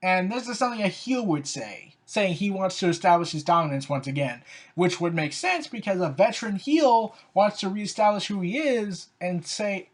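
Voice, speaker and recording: With a medium pitch, lively intonation and a moderate pace, a fan offers casual opinions on wrestling storylines, unscripted and loose. Sarcasm and open exasperation color the talk, which keeps falling back on "like" and "so, yeah."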